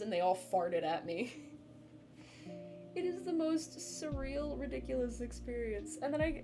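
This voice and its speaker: A woman streamer telling a story to her chat in a chatty, animated way, laughing often and filling with "like". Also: mid-range voice. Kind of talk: casual storytelling to a live chat.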